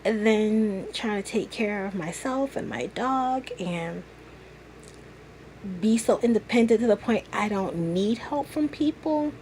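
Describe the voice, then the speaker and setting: A woman's voice: medium pitch, animated, measured pace, a little mellow, a little hiss or hum. A woman in her thirties talking straight to camera in a confessional vlog, earnest and emotional as she confides in her viewers. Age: 30s. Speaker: vlogger.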